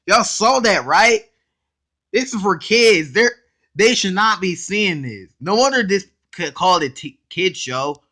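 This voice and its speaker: A man hosting a casual reaction video, excitable and blunt, talking in slang straight to his viewers and cutting in often to comment. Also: sits high, measured pace. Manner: excitable, blunt and profane, keeps interrupting with "hold up".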